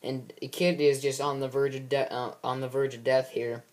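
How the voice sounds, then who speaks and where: A man's voice: medium pitch, little pitch movement, moderate pace, a little mellow. A man casually recapping the plot of his own film series, rambling with many fillers and restarts.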